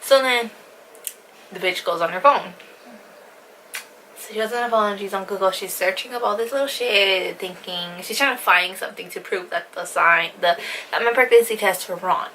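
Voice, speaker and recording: A woman's voice: medium pitch, moderate pace, sharp tone, a little hiss or hum, low-quality recording. A young woman vlogger telling a personal story in a rambling, casual way, full of fillers and swearing.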